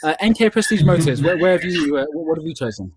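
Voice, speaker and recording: A man with a Scottish accent hosting an online quiz in a chatty way, repeating each question slowly. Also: a little high, expressive, slightly rough. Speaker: quiz host.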